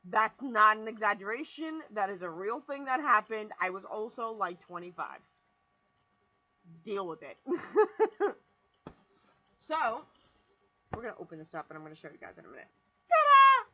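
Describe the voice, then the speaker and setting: A young woman in her twenties tells a long story to her camera, animated and rambling, restarting sentences and swearing freely. Her voice is very bright and forward, at a middling pitch. The recording sounds dull and lo-fi, like a home video. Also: brisk. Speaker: vlogger. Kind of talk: casual storytelling vlog.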